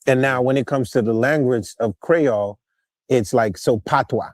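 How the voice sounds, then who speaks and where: A man's voice: medium pitch, moderate pace, a little mellow, dry recording, studio quality. A man talking casually on a podcast, explaining things loosely and often asking "you know what I'm saying". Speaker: podcast guest.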